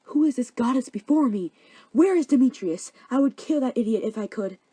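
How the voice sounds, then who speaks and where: A woman's voice: on the high side, animated, a little fast, dark tone, breathy edge, no room sound, voice pushed up. A woman voicing Lysander, a brash, fickle young man who talks smugly. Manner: brash, smug.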